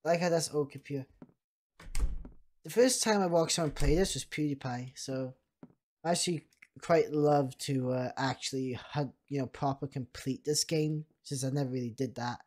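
A woman's voice: rumbling low, moderate pace, darkish tone. A woman streamer chatting casually while playing a game and reading its lines aloud. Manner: chatty, reads character lines in varied voices. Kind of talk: casual gameplay commentary and reading dialogue aloud.

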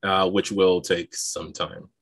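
Laid-back low-voiced game master. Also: male voice, slow pace, dry recording. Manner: relaxed, laughing often, filler-heavy. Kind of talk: running a tabletop game over voice chat.

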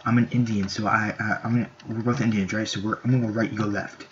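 A man giving excitable, rambling commentary while playing a video game, shouting at the game now and then. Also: lowish voice, fast, a little hiss or hum. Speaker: gameplay YouTuber. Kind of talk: casual gameplay commentary. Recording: lo-fi mic with keyboard clicks.

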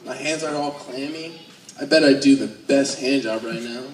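This is a nervous young stand-up comedian from Alaska, United States, doing his first set of crude, self-deprecating jokes. He has a mid-range voice and a moderate pace. Background noise fills the echoey room, and his voice comes across distant.

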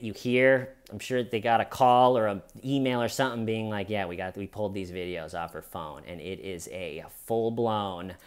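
A man's voice: medium pitch, clear, resonant tone. A man recapping a true crime case in a chatty, casual way, often restarting and adding asides.

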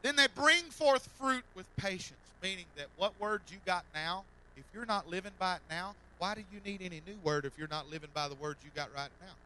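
Pastor man preaching hard, bright sharp voice, kinda high, loud then quiet, repeats himself a lot. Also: brisk, few pauses, a little hiss or hum, poor audio. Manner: fervent, repetitive preaching that swells loud then drops soft. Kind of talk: sermon. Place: church sanctuary.

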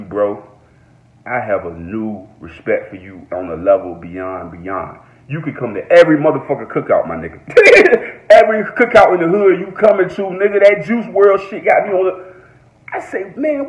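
A man giving an excited, profane reaction rant in a casual vlog, repeating his exclamations over and over. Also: a little high. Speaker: reaction vlogger. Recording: echoey room, phone-like sound.

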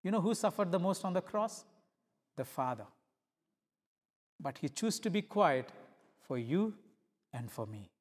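High-voiced preacher in a reverberant hall. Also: male voice, big pitch swings, measured pace, long pauses. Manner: swings between loud emphatic peaks and hushed low passages; asks the congregation rhetorical questions. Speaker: visiting pastor. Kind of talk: sermon.

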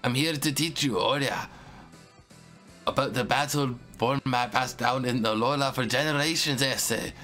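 A man voicing a boisterous masked male luchador showman with a put-on Mexican accent, reading game lines with drawn-out hype calls. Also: mid-range voice, bright, forceful tone, faint music behind, close to an everyday voice. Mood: hammy. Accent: Mexican Spanish, put on. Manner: drawn-out hype announcer calls with "ese" tags. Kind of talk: reading game dialogue aloud in a voice.

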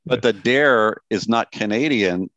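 An older man from the Seattle area speaks as an interview guest with a wry, jokey edge. His voice is very low, and it comes through dry and close. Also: a little slow, fairly bright tone, no room sound, dull audio. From Seattle area, United States. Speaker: retired news anchor. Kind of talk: casual interview chat.

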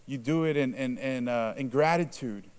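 A man's voice: normal speed, darkish tone, clear, resonant tone. A man preaching a sermon in a conversational way, asking the congregation questions and adding "right?" to his points. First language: Spanish. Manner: acts out quoted reactions in a lowered voice.

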